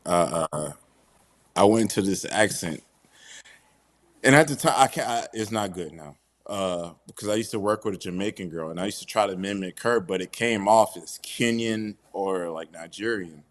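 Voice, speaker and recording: A man's voice: sits low, normal speed. A man talking as a wrestler guest in a casual interview, laid-back and slangy, calling the host "bro".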